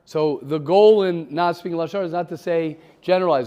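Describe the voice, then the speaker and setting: A rabbi teaches a class in a loose, conversational way, saying key phrases two or three times over. His voice sits a little higher than most men's, and he turns now and then to answer a student in the room. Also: quick pace, dark tone, smooth, highs cut off. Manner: conversational, repeats phrases, takes questions from the room. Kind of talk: informal Torah class.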